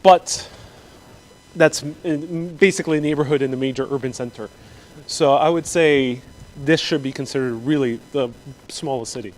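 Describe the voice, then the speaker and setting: A travel vlogger hosts a live walking tour through city streets, talking directly to his viewers with jokes and chatter. He speaks at a normal speed in a mid-range voice.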